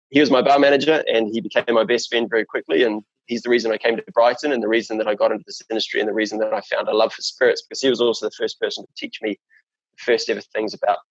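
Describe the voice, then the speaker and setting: A New Zealand man with a New Zealand accent speaks as an interview guest, his fairly low voice carrying vocal fry. He rambles casually with lots of fillers and restarts, and the audio is dull with no room sound.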